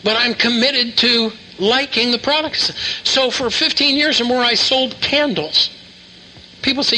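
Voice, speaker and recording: An older man gives a sermon with a bright, ringing tone and a fairly high voice. He talks in a folksy, anecdotal way, circling back and repeating himself, and a faint hum of room ambience sits under his voice. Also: a little slow, rough recording. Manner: folksy storytelling with asides and repeated phrases. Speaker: pastor.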